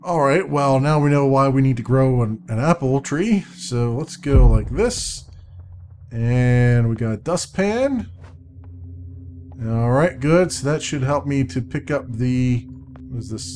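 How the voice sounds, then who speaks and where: A man giving casual let's-play commentary, chatty and thinking out loud as he plays. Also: medium pitch, expressive, unhurried, slight background noise.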